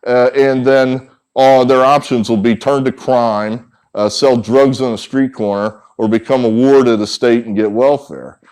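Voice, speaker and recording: A man's voice: medium pitch, fairly even intonation, unhurried, few pauses, a little mellow, clean tone. A man, a sports handicapper, giving an indignant, sarcastic opinion monologue and acting out the people he quotes. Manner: indignant, acts out quoted voices.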